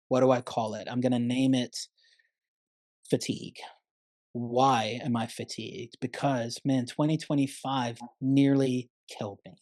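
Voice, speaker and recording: A man's voice: medium pitch, darkish tone, no echo, studio quality. A man speaking as a therapist guest on a podcast, earnest and emphatic, often calling the listener "man". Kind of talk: conversational podcast interview.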